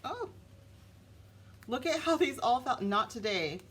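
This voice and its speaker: A woman giving a casual, animated tarot reading, talking straight to her viewers. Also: a little high, a little slow, a little hiss or hum. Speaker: tarot reader.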